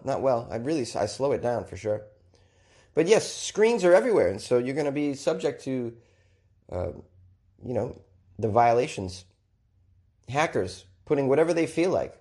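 A man's voice: mid-range voice, darkish tone. A man hosting casual news commentary, joking and rambling with self-deprecating asides. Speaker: podcast host.

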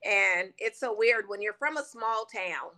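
A woman from Louisiana, a country singer guest, telling her story in a bubbly, animated way. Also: medium pitch, measured pace. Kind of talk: casual interview chat.

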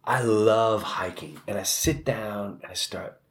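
A middle-aged man, a comedian, telling a long personal story in an animated, restless way with many restarts and asides. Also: on the low side, a little slow. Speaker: comedian host. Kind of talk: comic storytelling.

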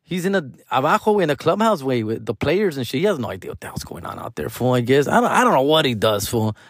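A man's voice: mid-range voice, sing-song, fast, no echo, clean studio sound. A man in his forties hosting a comedy podcast, rambling casually in slangy, profane talk with Spanish words mixed in. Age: 40s.

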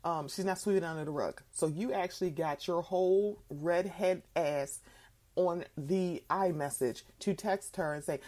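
A woman's voice: fairly low pitch, moderate pace, a little mellow. A woman guest podcaster giving blunt, sarcastic commentary in a casual way.

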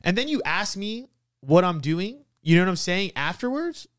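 Young guy rambling thru a story on his podcast, kinda high voice, lots of "like", super dry close mic. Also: moderate pace, no echo. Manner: animated, frequent "like" fillers, laughs while venting. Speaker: podcast host. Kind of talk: casual storytelling monologue.

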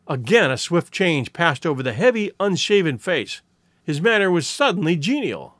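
Man narrating an old mystery, high lively voice, dry close mic. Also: normal speed, no echo. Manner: expressive storytelling. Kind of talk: dramatic audiobook reading.

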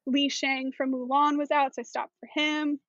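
A woman's voice: high voice, little pitch movement, normal speed, fairly bright tone, dry recording, highs cut off. A woman talking as a podcast guest in casual chat, chatty with many fillers.

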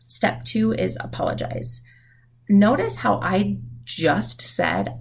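A woman's voice: mid-range voice, slow pace, vocal fry, slightly rough. A mother giving candid, reflective parenting advice in a casual, frank way. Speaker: parenting speaker.

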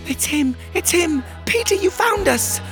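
A man doing a shrill, frantic platypus mother. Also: unhurried, faint music behind, exaggerated voice. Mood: overjoyed. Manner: shrill, excited cries. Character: frantic female platypus mother, high and tearful.

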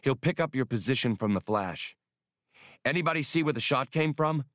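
A man voicing a cocky, sardonic male starship captain in an audiobook, quick and commanding. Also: mid-range voice, expressive, fairly bright tone, no echo, clean studio sound, voice pushed up, lightly acted. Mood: tense commanding. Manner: wry, commanding.

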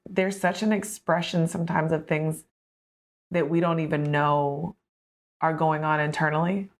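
A woman in her thirties hosting a podcast, telling a personal story in a casual, animated way with frequent laughs, fillers and restarts. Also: deep voice, a little slow. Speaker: podcast host.

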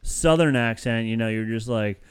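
A man hosting a podcast in casual chat, laughing often and tossing in quick asides. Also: medium pitch, clear, resonant tone, no room sound. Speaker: podcast host.

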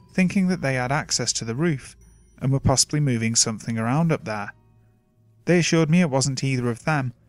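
A man reading submitted scary stories aloud in slow, measured scripted narration. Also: mid-range voice. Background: faint music.

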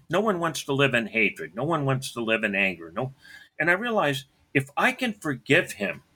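A middle-aged man tells a personal story in a bright, forceful voice. He speaks bluntly and keeps clearing his throat between phrases. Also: mid-range voice, sing-song, moderate pace.

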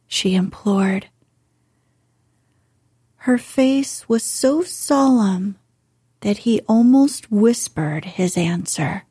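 A woman hosting a podcast for sleep, reading a story in a slow, soft, soothing voice that drifts into whispers. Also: mid-range voice, slightly rough, no echo, studio quality. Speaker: podcast host and reader.

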